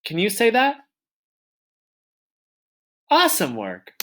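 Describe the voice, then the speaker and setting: A male teacher giving a children's reading lesson, sounding out letters slowly and with exaggeration, and praising often. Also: high-pitched, huge pitch swings, bright, forceful tone, slight background noise.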